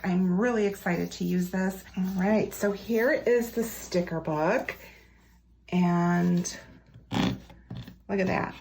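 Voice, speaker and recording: A woman's voice: mid-range voice, a little hiss or hum. A woman casually chatting through an unboxing for her channel, gushing with enthusiasm and peppering her talk with fillers. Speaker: planner unboxing vlogger. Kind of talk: casual product unboxing chat. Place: her office or desk area, indoors.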